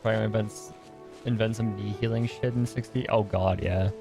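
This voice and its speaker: Gravelly man playing a game. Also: lowish voice, fairly even intonation, a little fast, over music. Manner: reads game dialogue aloud and laughs often. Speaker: gaming channel host. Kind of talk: casual let's-play commentary.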